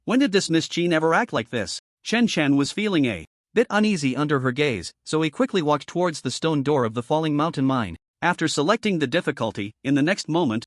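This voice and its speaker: A man's voice: a little high, no room sound, clean studio sound. A man narrating a comic story recap in a scripted reading.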